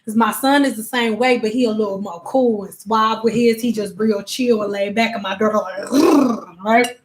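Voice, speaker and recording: Lively storytelling woman, high voice. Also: moderate pace, slight background noise. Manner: animated storytelling with slang and acted-out quotes; emphatic repetitions. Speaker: spiritual coach and host. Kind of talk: casual livestream chat.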